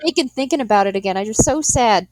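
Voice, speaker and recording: A young adult woman, a guest, telling stories in an animated way, laughing a lot and acting out what people said. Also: medium pitch, quick pace, no room sound, soft background music. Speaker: guest, in-home pet euthanasia worker. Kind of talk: storytelling in an interview.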